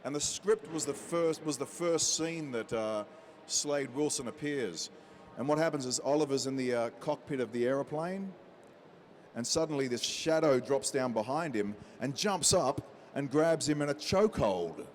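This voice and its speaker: A man being interviewed as an actor, telling an anecdote in a lively way and acting out the people in it. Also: medium pitch, moderate pace, slight background noise. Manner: lively storyteller who acts out quotes.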